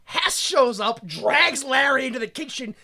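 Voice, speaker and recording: A woman riffing through a movie recap on a podcast. Her voice sits high and bright, with wide swings in pitch. She tends to burst into acted-out lines and casual swearing. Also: normal speed. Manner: animated, acts out scenes in put-on voices, laughs often, swears. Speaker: podcast co-host. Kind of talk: casual movie commentary chat.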